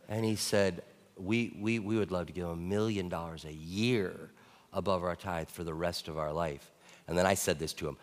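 Male pastor preaching; low voice, lively storyteller, echoing sanctuary. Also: moderate pace. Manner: animated storytelling, rising to excited peaks. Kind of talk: sermon. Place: church sanctuary. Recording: church hall reverb.

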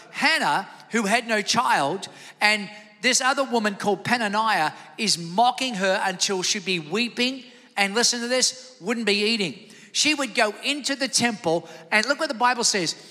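A man preaching a sermon as pastor, energetic, calling out to the congregation for responses in a church sanctuary. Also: high voice, moderate pace, big-room sound.

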